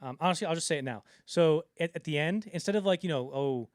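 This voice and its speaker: Talking fast in a voice on the high side, this podcast co-host rambles through a casual film chat, heavy on fillers. He performs the quotes he recounts. The sound is clean studio audio with no room sound.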